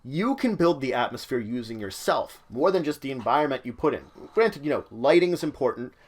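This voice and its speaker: Man, mid-pitched voice, casual instructional talk, loose conversational phrasing, channel host. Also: animated, fairly quick. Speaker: channel host giving game-mastering advice.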